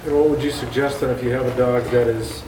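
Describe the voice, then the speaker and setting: A man's voice: mid-range voice, little pitch movement, fast, crowd noise. A man in the audience asking a question from the floor at a seminar. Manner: asks a plain, short question. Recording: far from the mic in an echoey hall with audible noise.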